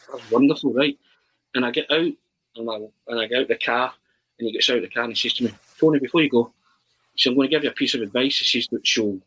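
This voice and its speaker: Scottish guy spinning a yarn, bright husky voice, jumps into fake commentary bits. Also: mid-range voice, poor audio. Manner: animated storyteller, bursts into mock football commentary. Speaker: podcast guest. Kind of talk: casual storytelling.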